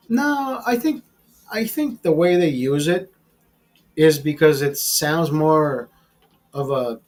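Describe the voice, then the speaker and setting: A man hosting a live stream, ranting in a casual, profane and animated way. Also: on the high side. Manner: profane, animated, laughs at his own bits. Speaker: show host.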